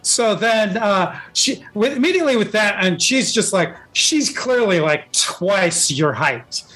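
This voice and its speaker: A man's voice: high-pitched, expressive, a little slow, sharp tone. A man narrating as game master of a tabletop game, rambling with lots of fillers.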